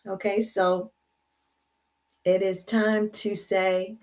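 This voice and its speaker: An older woman hosts a casual live stream from her computer, speaking through its mic. Her medium-pitched, creaky voice stays fairly even and unhurried. She's warm and affirming and often repeats her phrases.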